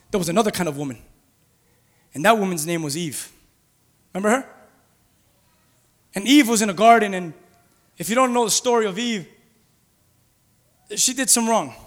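A man with a strikingly high, bright voice delivers a sermon from the pulpit. He sinks into soft, low stretches, then climbs to loud, urgent pleas, and a long church-hall reverb trails each phrase. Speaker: pastor.

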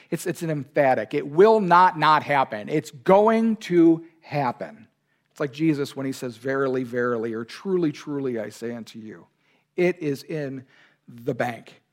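Guy pastor preaching a sermon, kinda high voice, earnest, leans on key words.

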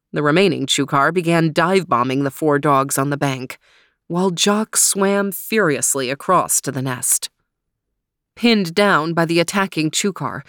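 A woman narrating a children's adventure story in a measured, expressive way. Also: lowish voice, no echo, studio quality.

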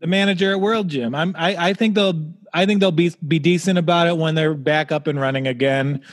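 A man's voice: on the high side, fairly even intonation, brisk, big-room sound. A man co-hosting a comedy podcast, teasing his partner in a mock-formal, playful way. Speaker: podcast co-host.

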